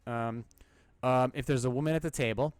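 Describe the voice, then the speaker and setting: Man, podcast host, blunt, sarcastic, profane, middle pitch, dry sound. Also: fairly even intonation, normal speed, clean tone, no room sound, faint music behind. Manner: blunt, sarcastic, swears freely. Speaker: podcast host answering listener questions. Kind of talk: casual advice podcast.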